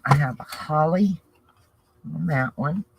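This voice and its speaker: A woman's voice: low-pitched, slow pace, a little hiss or hum, rough recording. A woman with a Southern US accent chatting casually to viewers, rambling and thinking aloud as she works on a craft project. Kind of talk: casual crafting chat to camera.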